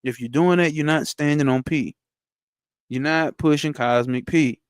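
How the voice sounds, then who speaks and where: A man teaching spirituality. He reads a text aloud slowly and breaks off into blunt, slangy asides with profanity for a live chat. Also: on the high side, clean tone, dry recording, clean studio sound. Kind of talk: reading a text aloud and commenting on it.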